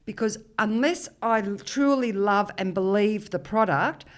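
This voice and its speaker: A lively Australian woman in her forties chats as a podcast guest. She tells her stories with animated energy and lets the odd swear word slip, in a mid-pitched, everyday voice. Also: unhurried. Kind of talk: casual chat.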